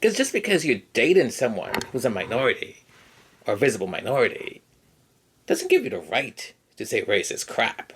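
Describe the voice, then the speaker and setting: A podcast host giving casual personal commentary in an animated way, acting out quoted lines and dropping into quiet asides. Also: medium pitch, moderate pace, slight background noise.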